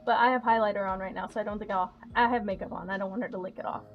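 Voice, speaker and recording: A young woman chatting casually on a livestream, soft-spoken and quick to laugh as she talks to her cats and her chat. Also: medium pitch, steady tone, lo-fi sound, faint music behind.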